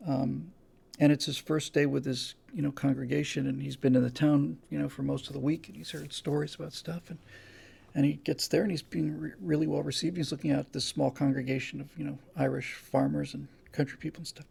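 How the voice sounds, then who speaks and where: A man's voice: on the high side, level tone, brisk, vocal fry, darkish tone, husky. A man hosting a podcast, talking in a casual, emphatic monologue with frequent restarts. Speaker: podcast host.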